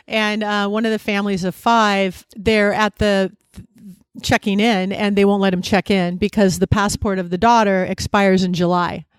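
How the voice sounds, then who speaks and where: A woman guest on a live podcast interview, telling stories in an animated, chatty way. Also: medium pitch, normal speed, clean tone, dry recording. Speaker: guest, travel company co-founder. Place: live event with an audience.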